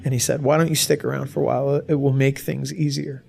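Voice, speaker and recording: A young adult man giving a personal testimony to an audience, halting and emotional, with many restarts. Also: mid-range voice, flat delivery, vocal fry, a little mellow. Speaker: guest speaker.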